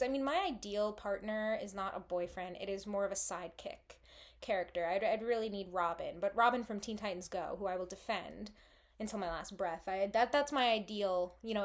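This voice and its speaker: A young woman telling embarrassing stories in a casual, self-deprecating way, rambling with frequent restarts. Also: medium pitch. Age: young adult. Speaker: vlogger. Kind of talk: casual storytelling monologue.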